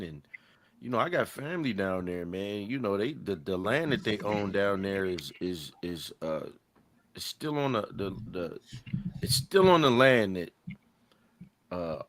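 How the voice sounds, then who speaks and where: A man's voice: lowish voice, a bit bright. A man hosting a podcast, talking casually and animatedly, often restarting sentences and leaning on "man". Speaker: podcast host. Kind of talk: casual chat.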